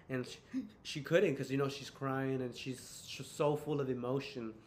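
A man's voice: mid-range voice, level tone, normal speed, hardly any pauses, a little hiss or hum. A young man hosting a casual podcast chat, telling personal stories in a rambling way with many fillers. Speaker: podcast host.

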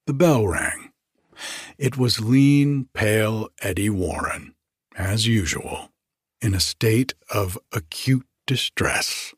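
A man narrating a literary story in a measured, expressive storytelling manner. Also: lowish voice, breathy edge, no echo, studio quality. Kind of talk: scripted narration.

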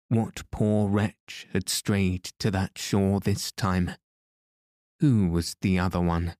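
Deep, slow male audiobook narrator. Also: mellow, dry recording, clean studio sound. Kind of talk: scripted narration.

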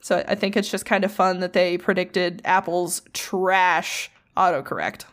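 A woman co-hosting a podcast, telling stories in a chatty, casual way with frequent swearing and quick asides. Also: lowish voice, fairly even intonation, a bit bright. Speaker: podcast co-host.

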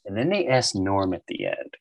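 A man's voice: low voice, moderate pace, creaky. A man in his fifties from New York, animatedly telling comedy stories in a casual chat. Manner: animated, doing voices of people in his stories.

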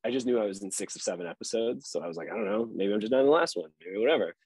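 A man's voice: on the low side, lively intonation, very fast, creaky, a little mellow, husky, no echo, poor audio. A man, an actor guest on a podcast, talking in a loose, rambling way with fillers and laughs. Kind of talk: casual interview chat.

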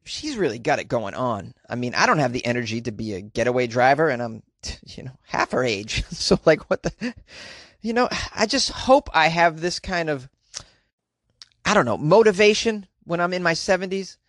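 A male podcast host in a casual comedic monologue, rambling and self-deprecating, with a slightly higher voice than most men. His words come full of "you know" and "uh" through a close microphone in a dry, deadened sound. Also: big pitch swings, moderate pace, a bit bright, no room sound.

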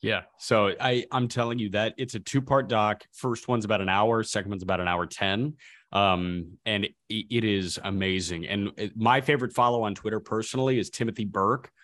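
A man co-hosting a podcast, telling stories in a lively, casual way with quick asides. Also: lowish voice, no room sound, clean studio sound. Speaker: podcast co-host. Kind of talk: casual chat.

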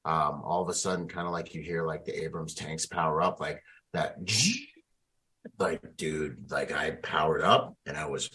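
A man's voice: a bass voice, normal speed. A man, a military veteran, telling a personal story in a conversational, slangy way with frequent laughter. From United States. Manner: animated, slangy, laughs often. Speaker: guest, Marine veteran.

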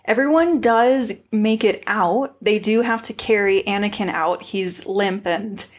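Playful woman co-hosting a podcast. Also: medium pitch. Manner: playful and jokey, quick quips. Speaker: podcast co-host. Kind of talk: casual recap chat.

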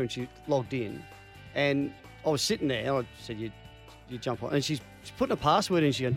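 A man, a show regular, telling jokes and stories on sports radio with a deadpan delivery. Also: medium pitch, brisk, vocal fry, faint music behind. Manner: deadpan storyteller, acts out quoted voices. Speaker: comedy segment regular.

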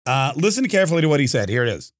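A man's voice: fairly high pitch, big pitch swings, racing, no room sound, clean studio sound. A man hosting a commentary podcast, talking in a rambling, sarcastic way with many fillers and restarts. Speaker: podcast host. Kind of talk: casual commentary monologue.

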